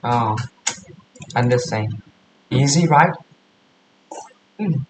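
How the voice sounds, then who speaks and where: A man walking through coding exercises aloud, halting, repeating and correcting his words as he thinks. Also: medium pitch, animated. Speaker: coding tutor. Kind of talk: casual screen-share coding walkthrough. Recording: roomy echo with faint hiss.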